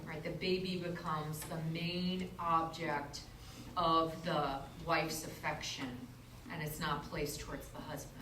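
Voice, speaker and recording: A woman's voice: low-pitched, flat delivery, measured pace, a bit bright, a little hiss or hum. Give me a female instructor lecturing, heard from far off in an echoey classroom. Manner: explanatory, asks the class questions. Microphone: far room mic.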